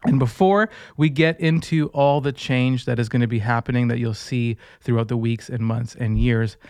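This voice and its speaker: A man's voice: mid-range voice, steady tone, moderate pace, darkish tone, smooth, dry recording, clean studio sound. A man hosting a faith podcast in an upbeat, joking, chatty manner. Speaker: podcast host. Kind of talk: casual podcast chat.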